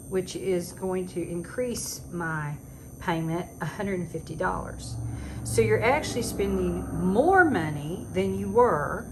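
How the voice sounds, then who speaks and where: A retired teacher in her sixties vlogs from home, ranting casually in a medium-pitched voice. She's talkative and exasperated, dropping sarcastic asides. The recording is low quality, with noticeable background noise.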